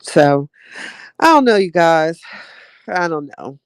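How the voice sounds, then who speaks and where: A woman's voice: fairly low pitch, big pitch swings, slow pace, clean tone, dry recording, clean studio sound. A woman hosting a podcast, talking casually and heartfelt with her listeners, chatty and drawling, often calling them "child" and "y'all". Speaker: podcast host reading live chat.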